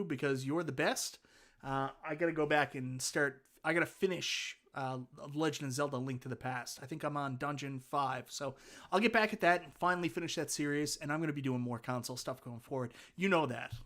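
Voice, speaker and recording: A man with a Newfoundland accent hosts a casual livestream, reading viewer comments and thanking people for them as he rambles along with enthusiasm. His voice is fairly high, bright and forceful, and he speaks at a moderate pace.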